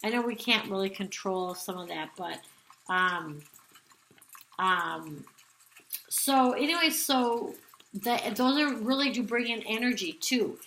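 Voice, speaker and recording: Woman, tarot reader, slow and rambly, bright tone, recorded in an echoey room. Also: medium pitch, a little hiss or hum. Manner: rambling, many ums and restarts. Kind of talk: casual spoken tarot reading.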